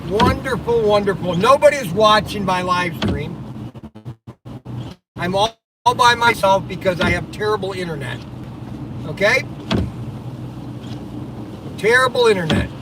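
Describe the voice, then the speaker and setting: A man hosting a live stream from his car, exclaiming and muttering sarcastically to himself as he drives on the highway. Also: expressive, measured pace, long pauses. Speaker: livestream host. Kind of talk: rambling live-stream chat while driving. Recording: distant mic with loud road and wind noise.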